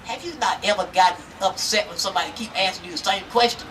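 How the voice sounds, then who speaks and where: A woman telling a folk tale to a live audience at an outdoor festival, lively and talking straight to her listeners. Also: mid-range voice, fast talker. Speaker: storyteller. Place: outdoor town square festival. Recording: outdoor, mic far off, faint noise.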